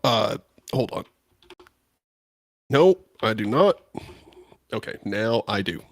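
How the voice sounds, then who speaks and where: A man's voice: lowish voice, expressive, slow pace, dry recording. A man co-hosting a podcast in a casual chat, rambling and poking fun at himself. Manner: rambling, self-deprecating. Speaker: podcast co-host.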